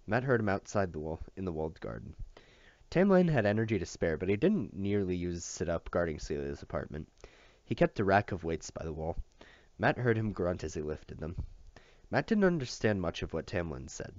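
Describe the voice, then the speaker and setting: Male audiobook reader, expressive with small slips, low voice, lo-fi dry sound. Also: brisk, no room sound. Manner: expressive, occasional slips and rereads. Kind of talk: reading a novel aloud. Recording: dull lo-fi dry recording.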